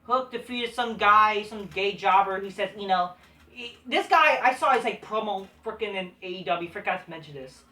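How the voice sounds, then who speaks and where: A woman's voice: mid-range voice, animated, moderate pace, sharp tone. A woman reviewing wrestling shows in a profane, scornful, dismissive casual rant. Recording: echoey room, distant mic.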